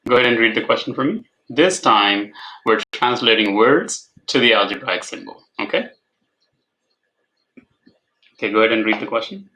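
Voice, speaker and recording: A man's voice: lowish voice, expressive, moderate pace, pauses often, bright, forceful tone, low-quality recording. A man tutoring algebra over a video call, patient, repeating his prompts and checking for understanding. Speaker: math tutor. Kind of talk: online tutoring session.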